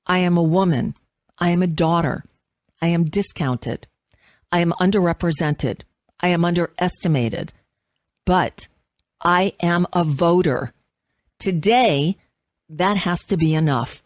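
A woman in her fifties, a radio host, reading an essay aloud with measured, impassioned delivery. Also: on the low side, no echo, clean studio sound.

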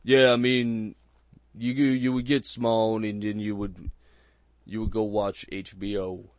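Man co-host, low voice, deadpan and literal, dry close sound. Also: slow pace, dry recording. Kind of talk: casual movie review chat.

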